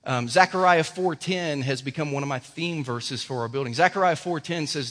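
A male pastor delivers a sermon in a casual, story-driven style, full of fillers and asides. His voice sits somewhat high for a man. The sound carries a long reverb, as in a church hall. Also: moderate pace, few pauses. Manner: conversational, animated storytelling with many fillers.

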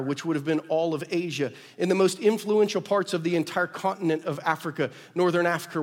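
Preacher, male, slightly high voice, emphatic delivery with soft asides, church hall reverb. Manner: emphatic preaching, big swings from loud declarations to soft asides. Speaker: pastor. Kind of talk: sermon. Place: church auditorium.

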